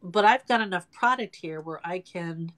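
A woman's voice: lowish voice, moderate pace, a bit bright. A woman in her sixties, a guest chatting casually and self-deprecatingly about her work as a home nail technician. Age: 60s. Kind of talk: casual interview chat.

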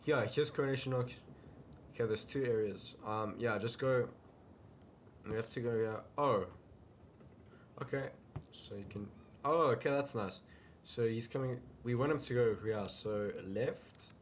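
A man's voice: medium pitch, measured pace, long pauses, slight background noise. A man casually commenting while playing a game, mumbling jokey asides to himself. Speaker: gaming video host. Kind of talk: casual let's-play commentary.

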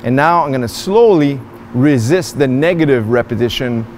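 A man's voice: medium pitch, animated, normal speed, a little mellow, a little hiss or hum. A man in an indoor gym demonstrating and explaining a workout, in an upbeat coaching manner that speaks straight to his viewers. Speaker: fitness vlogger.

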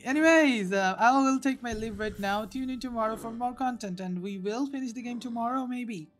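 Woman gaming host, casual cursing commentary, swings from loud yells to low mutters, faint game music behind. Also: brisk. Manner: animated, swears freely, rants between outbursts and mumbles.

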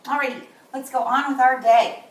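A woman teaching a kindergarten morning meeting on video, speaking slowly and gently and stressing key words for young children. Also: high-pitched, fairly even intonation, echoey room, far from the mic, a little hiss or hum, low-quality recording.

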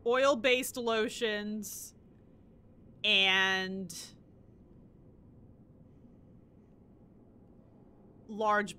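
A woman's voice: medium pitch, pushed and bright, a little hiss or hum. A woman putting on a ditzy Valley Girl voice to read a silly horoscope, drawling with lots of "like" and "um". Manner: drawling, full of "like" and "um".

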